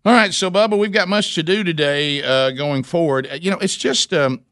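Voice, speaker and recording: Rambling radio host. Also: male voice, brisk, no room sound, clean studio sound. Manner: rambling, animated, jumps into high voices for quoted people. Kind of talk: casual talk radio storytelling.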